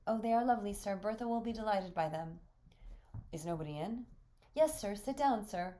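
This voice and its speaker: A woman's voice: medium pitch, animated, normal speed, dark tone, pitched above the performer's own voice, lightly acted. A woman voicing a polite, deferential young maid in a play reading. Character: servant girl, polite and deferential.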